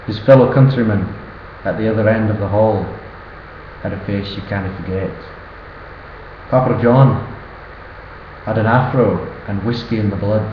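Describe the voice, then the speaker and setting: Fairly low in pitch, a young northern Englishman in his early 20s delivers a cheeky, sing-song rhyming toast for his best friend's birthday. The room is audible, the sound dull, with faint ambience and a little hiss or hum.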